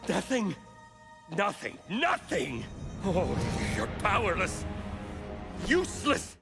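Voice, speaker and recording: An actor playing a middle-aged male dark mage, yelling at his own reflection in a strained, cracking voice, in a clip from an animated series. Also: high voice, slow, gravelly, over music, full character voice. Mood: despairing fury.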